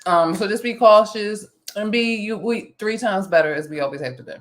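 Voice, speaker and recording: A woman hosting a casual chat, animated and talkative, laughing often. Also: medium pitch, a little fast. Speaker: vlog host.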